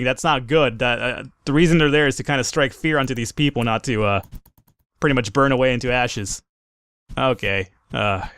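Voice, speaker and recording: A man commentating his own gameplay in a let's play, excitable, swearing and laughing at his own mistakes. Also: medium pitch, smooth, no echo. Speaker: gaming commentator.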